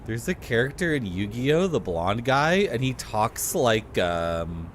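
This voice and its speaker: A man giving live commentary while playing a video game, chatty and quick to laugh, with sudden excited outbursts. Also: mid-range voice, a little hiss or hum. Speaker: game streamer. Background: game music.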